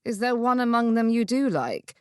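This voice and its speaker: Woman doing a gruff elder brother, lowered voice, blunt, grumbling, dry sound. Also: very animated, moderate pace, no echo.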